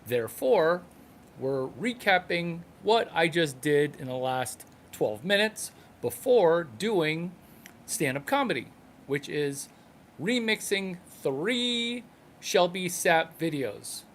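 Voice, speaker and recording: A man doing a stand-up comedy monologue, delivered in halting phrases and short numbered points. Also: on the high side, big pitch swings, fairly bright tone, a little hiss or hum.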